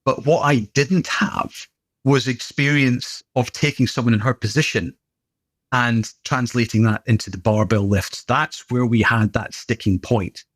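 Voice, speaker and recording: A man's voice: medium pitch, no echo. A middle-aged British man chatting casually as a podcast guest, telling stories with playful put-on voices. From United Kingdom. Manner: animated storyteller, does playful voices. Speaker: podcast guest, gym owner. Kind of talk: casual conversation.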